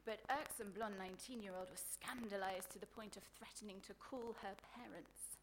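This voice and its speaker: A woman's voice: medium pitch, fairly even intonation, normal speed, a little hiss or hum. Sardonic woman reading crude comic prose. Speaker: author reading her work. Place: live book event.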